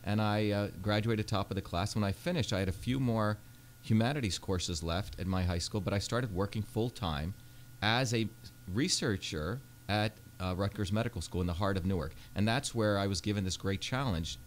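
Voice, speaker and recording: A man's voice: lowish voice, moderate pace, slight background noise. A man, a Senate candidate telling his life story earnestly in a radio studio interview, with many fillers. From India.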